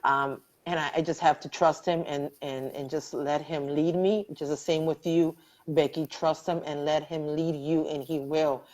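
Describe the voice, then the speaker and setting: A woman's voice: low voice, fairly even intonation, normal speed, a little mellow. A woman hosting a live online interview, speaking from the heart about faith and hope, close to tears and full of restarts. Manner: heartfelt, religious, rambling with many restarts. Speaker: host. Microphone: video call.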